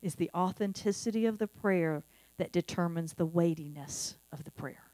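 A woman's voice: lowish voice, normal speed, mellow, no echo. A middle-aged woman pastor preaching a sermon in an earnest, conversational way, repeating key phrases. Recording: dry with faint mains hum.

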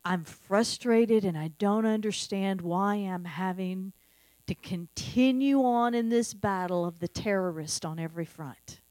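A middle-aged woman pastor preaches in an earnest, conversational way, leaning on repeated phrases, with a medium-pitched, slightly mellow voice at an unhurried pace. The sound is dry and close, with a faint mains hum underneath.

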